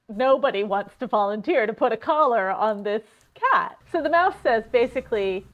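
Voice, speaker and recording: A woman co-hosting a podcast, telling stories in a chatty, animated way with many fillers. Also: a little high, normal speed, lo-fi sound. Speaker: podcast co-host. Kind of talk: casual scholarly chat.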